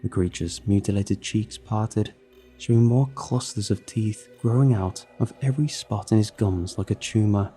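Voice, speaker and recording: A man reading a horror story aloud in a measured, grim way. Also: fairly low pitch, mellow. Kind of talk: scripted horror narration. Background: faint music.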